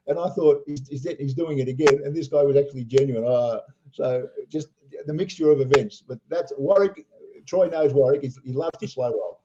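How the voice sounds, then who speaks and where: An older Australian man, a poker player, telling animated anecdotes full of acted-out quotes. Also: mid-range voice, brisk, noisy background. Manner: animated storyteller acting out quotes, laughing. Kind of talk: storytelling anecdotes.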